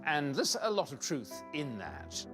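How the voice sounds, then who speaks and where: Guy talking royal history, very lively voice, emphatic storyteller. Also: on the high side, unhurried, music in the background. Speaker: royal commentator. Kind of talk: documentary interview.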